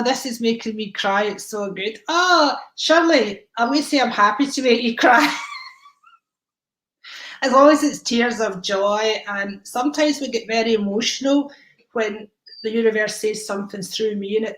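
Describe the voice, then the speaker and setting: A woman's voice: medium pitch, normal speed, a bit bright. A woman gives psychic readings on a live stream in a mid-range voice. She rambles, with ums and restarts, and calls her viewers darling and honey. The room echoes around her.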